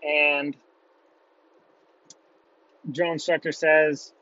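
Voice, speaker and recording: A man's voice: on the high side, flat delivery, slow pace, long pauses, bright, forceful tone, no echo. A young man casually telling a personal story in a blunt way, with heavy swearing. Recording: dull, lo-fi, dry.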